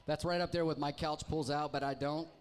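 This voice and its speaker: A man's voice: a little high, fairly even intonation, a little fast, slight background noise. A man hosting a live pub trivia night, reading team names with wry, teasing jokes to the crowd. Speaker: trivia host. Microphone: handheld microphone.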